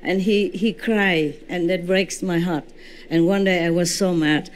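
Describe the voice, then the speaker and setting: A woman spiritual teacher giving a lecture in non-native English, telling stories with lively reenactments and often checking in with "you know" and "okay?". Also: on the low side, a little slow. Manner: animated storytelling, reenacting her own shouts. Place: indoor lecture at a retreat. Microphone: microphone.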